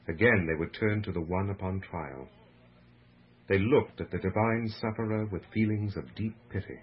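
A man narrating a religious book with a slow, measured, solemn delivery, heard on a muffled lo-fi radio recording. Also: fairly low pitch, husky.

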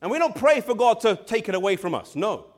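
A male preacher with a high voice delivers an emphatic sermon. He speaks straight to the congregation, slows down to stress key words and sometimes sinks to a near-whisper. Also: big pitch swings. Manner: addresses the congregation directly.

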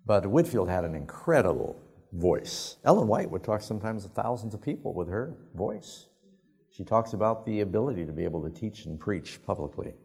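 A man's voice: on the low side, sing-song, moderate pace, creaky, a little mellow, husky. A male pastor preaching a sermon, telling anecdotes in a folksy, conversational way. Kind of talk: sermon storytelling.

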